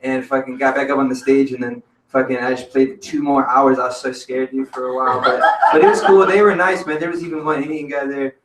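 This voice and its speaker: A man's voice: mid-range voice, fairly even intonation, fairly quick, hardly any pauses, over a noisy crowd. Rambling man, casual storyteller full of swearing and slang, mic at a distance in an echoey cafe. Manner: profane, rambling, peppered with "man" and "dude". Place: cafe open mic stage. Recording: roomy venue audio from a distance.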